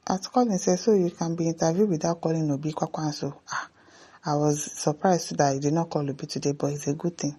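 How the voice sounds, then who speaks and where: A woman with a Nigerian accent hosting an online show, reading out viewer comments and answering them in lively asides, dropping into Pidgin now and then. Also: deep voice, a little fast, slightly rough. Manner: animated, switches into Pidgin asides.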